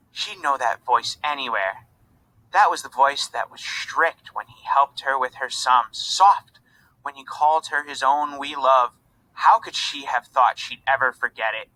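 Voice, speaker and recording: A man reading a children's storybook aloud in an expressive narrating voice. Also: medium pitch, a little slow, rough recording. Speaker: reader.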